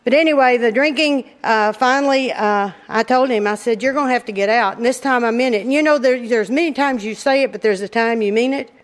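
A woman's voice: fairly high pitch, fairly quick, few pauses. A middle-aged woman telling a funny story from her own life to an audience. She talks in a folksy way and often laughs. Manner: lively, laughs often, drawling folksy delivery. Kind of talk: humorous personal storytelling to an audience.

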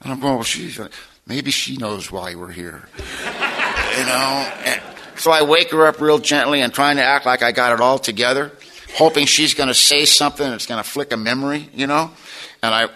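Bright-voiced man telling his recovery story. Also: medium pitch, steady tone, a little fast, a little hiss or hum, low-quality recording. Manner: plainspoken, folksy storytelling with wry humor. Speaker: speaker sharing his story at a recovery meeting. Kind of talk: personal testimony to an audience.

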